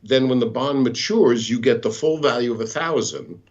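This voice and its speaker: A man's voice: mid-range voice, moderate pace, muffled recording. A man, a bond market expert, explaining charts step by step in a patient, teacherly way over a remote call. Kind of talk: explaining charts in a live talk.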